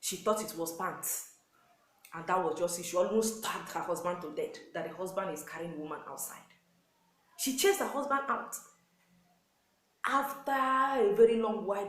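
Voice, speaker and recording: This pastor's wife speaks in a lowish voice with a Nigerian accent, urging wives on marriage in an earnest sermon manner, repeating key points and acting out quotes. The recording is poor and reverberant, with slight background noise.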